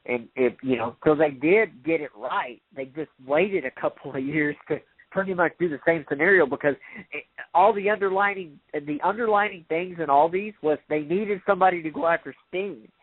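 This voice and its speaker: A man's voice: a little high, normal speed, dry recording. A man co-hosting a casual radio talk show, telling stories in a rambling way and correcting himself as he goes. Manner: rambling, self-correcting storyteller. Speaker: podcast co-host. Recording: tinny phone-like radio audio.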